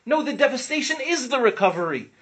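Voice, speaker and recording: A middle-aged man teaching an informal Torah class to students, animated, asking questions and acting out what his students say. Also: very high voice, fast talker. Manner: animated, asks the listeners questions, acts out students' words.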